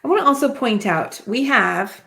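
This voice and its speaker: A woman's voice: a little high, animated, moderate pace, gravelly, a bit bright. A woman giving a spiritual card reading to camera in a chatty, rambling way, with many fillers and asides. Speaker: card reader.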